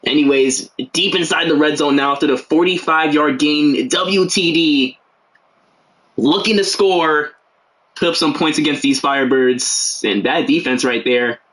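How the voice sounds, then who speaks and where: A young male game commentator does casual livestream play-by-play, joking and rambling into slangy asides between plays. His voice is a little high for a man and a bit bright, his pace measured and his tone loose and casual.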